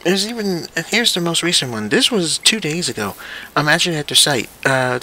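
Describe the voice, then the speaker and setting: Excitable, bright-voiced young man ranting. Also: fairly high pitch. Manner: animated, profane, incredulous. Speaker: vlog host. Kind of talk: casual opinion rant.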